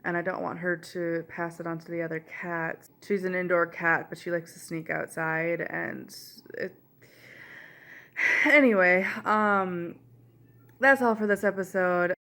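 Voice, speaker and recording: A woman's voice: lowish voice, little pitch movement, unhurried, sharp tone. A young woman vlogging in her home kitchen, talking casually into the camera mic in a rambling way and laughing often. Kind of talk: casual chat.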